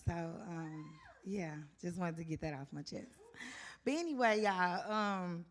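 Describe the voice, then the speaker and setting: A woman's voice: lowish voice, a little slow. A woman doing casual stand-up at an open mic, chatty and rambling, often losing her thread and laughing at herself. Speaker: stand-up comedian. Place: open mic venue stage.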